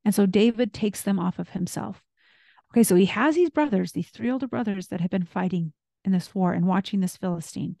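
A woman's voice: mid-range voice, fairly quick, gravelly, warm tone, no room sound, clean studio sound. A woman hosting a faith podcast, retelling scripture stories in a casual way with asides and fillers. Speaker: podcast host.

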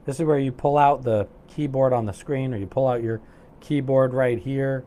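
A man's voice: mid-range voice, steady tone, moderate pace, mellow, slight background noise. A man hosting a live coaching stream, upbeat and chatty, reading viewers' comments aloud with many fillers.

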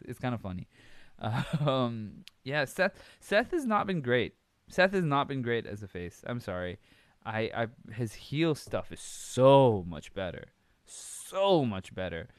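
A man's voice: lowish voice, dry recording. A man hosting a podcast alone, rambling casually with lots of fillers and some swearing. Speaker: podcast host. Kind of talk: casual solo commentary.

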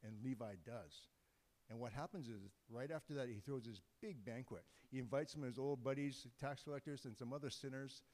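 A man's voice: mid-range voice, brisk, a little mellow. A man preaching a sermon in a loose, conversational way, joking with the congregation and often restarting his sentences. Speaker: guest preacher. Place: church sanctuary. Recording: long hall reverb.

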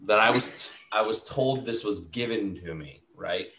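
A man's voice: on the low side, measured pace, fairly bright tone. A man casually telling a story in a rambling way, full of "like" fillers. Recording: echoey room.

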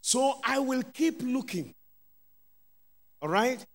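Bishop preaching, fairly high male voice, slow deliberate delivery, long hall reverb. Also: lively intonation, creaky. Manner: emphatic preaching with call-outs of hallelujah and amen. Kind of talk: sermon.

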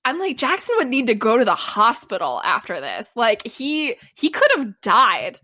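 Giggly high-voiced woman recapping. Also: big pitch swings, moderate pace, pushed and bright. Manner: giggly, laughs often while recapping. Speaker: podcast co-host. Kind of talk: casual recap chat.

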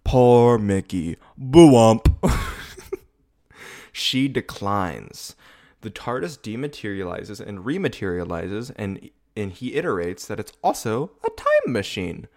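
A young man with a fairly low voice gives loose, chatty commentary, swearing freely and breaking into laughs. He drifts off topic and circles back with a lot of filler. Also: huge pitch swings, slow. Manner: rambling, swearing, laughing often. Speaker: video podcast host. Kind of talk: casual rewatch commentary. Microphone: camera setup.

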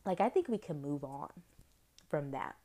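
A woman's voice: sits low, animated, moderate pace, mellow. A young woman hosting a podcast, chatting casually about a TV episode with lots of fillers and exaggerated reactions. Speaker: podcast host. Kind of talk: casual TV recap chat.

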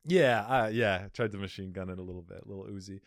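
Low-pitched male comedy podcast host, loose and jokey, dry close mic. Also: fast, no room sound. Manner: jokey, rambling, laughs easily. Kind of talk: casual comedy podcast chat.

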